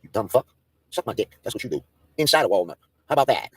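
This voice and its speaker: A man's voice: on the low side, sing-song, fast, husky, dry recording. A man in a profane, taunting livestream rant, mocking and daring his targets.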